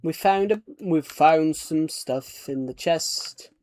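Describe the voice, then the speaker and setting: A man's voice: fairly high pitch, slow, darkish tone, no echo. A man chatting casually while streaming a game, rambling and chuckling at his own jokes. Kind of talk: casual gameplay chat.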